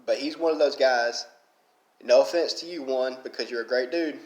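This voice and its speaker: A man's voice: mid-range voice, moderate pace. A man giving blunt, casual commentary on his game community, pushing his voice up when he makes a point. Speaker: gaming commentator. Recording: echoey room.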